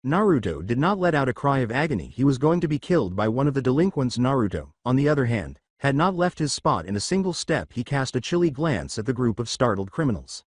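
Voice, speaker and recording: Male narrator for fan fiction, lively pitch, dry close sound. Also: fast, hardly any pauses, no room sound.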